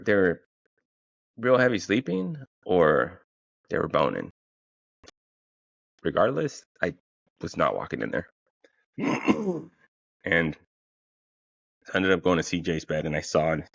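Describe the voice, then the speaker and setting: A man with a very low, gravelly voice rambles through a comic story, swearing freely and stumbling over restarts. He sounds a bit tired. The recording is dull and lo-fi, with a dry, close sound. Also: very animated, a little slow, long pauses, dry recording. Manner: rambling, profane, many fillers and restarts. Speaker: podcast host.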